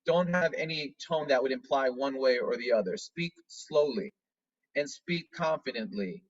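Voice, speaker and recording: Man explaining calmly over a distant call. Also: mid-range voice, lo-fi sound. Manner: measured, repeats and restarts phrases while explaining. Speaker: dance studio director. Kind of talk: instructional talk on a video call.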